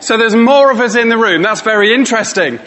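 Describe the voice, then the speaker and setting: A man running a live workshop, teasing the crowd and coaxing them along. His voice sits high for a man and sounds bright and forward. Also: animated, a little fast. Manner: playful, teasing, coaxing the audience. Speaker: motivational speaker. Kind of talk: live workshop talk to an audience.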